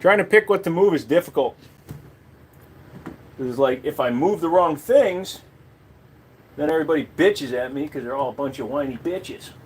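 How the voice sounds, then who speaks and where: A man's voice: a little high, expressive, normal speed, long pauses, a little hiss or hum. A man hosting a casual live stream, joking crudely and swearing as he shows off his collection and talks to chat.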